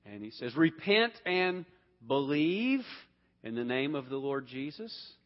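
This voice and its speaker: Unhurried and sing-song, a man with a mid-range voice teaches an interactive Bible class, asking questions, repeating himself and often restarting sentences, heard through dull sound and long hall reverb.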